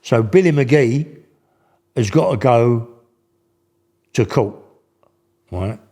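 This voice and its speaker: An older man tells a story in loose, slangy speech, restarting his sentences often. His voice sits at an ordinary middle pitch. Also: animated, slow pace, dark tone. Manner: rambling, slangy, full of restarts. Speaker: guest. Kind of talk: casual storytelling.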